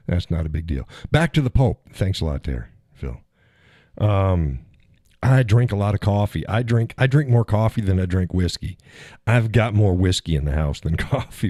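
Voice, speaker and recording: A man's voice: deep voice, warm tone, dry recording, studio quality. A man hosting a casual livestream, rambling and chuckling as he answers viewers in the chat. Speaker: live stream host.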